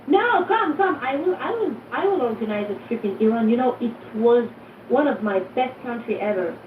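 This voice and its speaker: Excitable French-speaking woman on a tinny line. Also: a little high, a little fast, distant mic. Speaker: tour organizer in a voice chat room. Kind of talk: casual group voice chat. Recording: tinny, echoey phone audio with noise.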